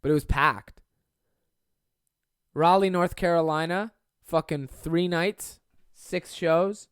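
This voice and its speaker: A man's voice: a little high, slow, smooth, no room sound. Profane rambling young man, dry sound. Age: 20s. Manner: rambling, profane, self-deprecating. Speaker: podcast host and stand-up comedian. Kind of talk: casual solo podcast monologue.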